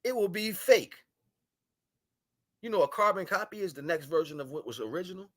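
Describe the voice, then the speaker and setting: A man on a livestream giving a spiritual monologue, shifting between solemn murmurs, loud scolding and slangy, laughing chat with viewers. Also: high-pitched, animated, fairly quick. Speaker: live stream host. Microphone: live stream microphone.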